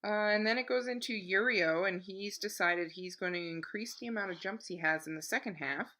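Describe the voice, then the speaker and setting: A woman's voice: mid-range voice, a little fast, pushed and bright. A woman co-hosting a casual podcast chat, explaining things with lots of likes and ums. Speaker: podcast co-host.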